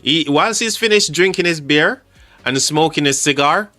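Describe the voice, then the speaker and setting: A man's voice: fairly high pitch, normal speed, sharp tone. A man hosting a live game stream, chatty and joking with his chat, calling people mate. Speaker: livestream host. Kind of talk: casual live game commentary. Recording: faint music behind the voice.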